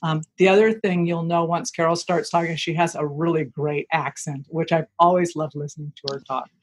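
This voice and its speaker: A woman's voice: deep voice, fairly even intonation, fairly quick. A woman hosting a podcast, earnestly introducing her guest and recalling meeting her. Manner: warmly appreciative, earnest. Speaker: podcast host.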